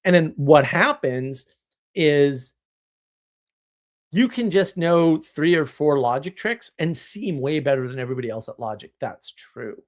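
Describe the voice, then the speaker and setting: Animated, opinionated male live-streamer. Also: a little high, a little slow. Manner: animated, opinionated, rambling with restarts. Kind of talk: casual live-stream talk answering chat.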